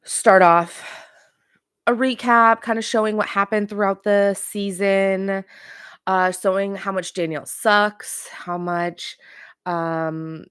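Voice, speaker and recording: A woman's voice: mid-range voice, fairly even intonation, slow, a bit bright, clear, resonant tone, dry recording, studio quality. A woman hosting a pop culture show, giving a casual, opinionated recap straight to her viewers. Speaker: pop culture podcast host.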